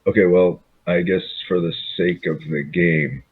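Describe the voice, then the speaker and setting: A man's voice: low-pitched, steady tone, a little slow, husky. A man as a player in a tabletop role-playing game, asking unsure questions over a tinny call line.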